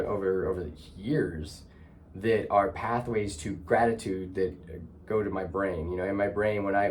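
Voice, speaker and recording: A man's voice: lowish voice, darkish tone, a little hiss or hum. A man hosting a heartfelt conversation, talking in a reflective, searching way with many restarts. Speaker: host.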